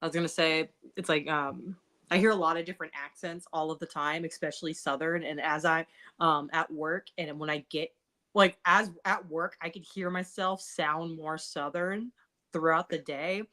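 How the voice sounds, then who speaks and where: A relaxed American woman talks in a casual chat over a video call. Her voice sits a touch low, and she laughs easily between stories. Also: moderate pace. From United States. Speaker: booktuber co-host. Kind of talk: casual chat on a reading stream.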